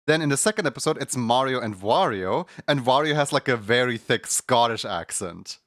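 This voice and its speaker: A man streaming, chatting casually in an animated, rambling way with lots of fillers and laughter. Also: mid-range voice, normal speed, no echo, clean studio sound.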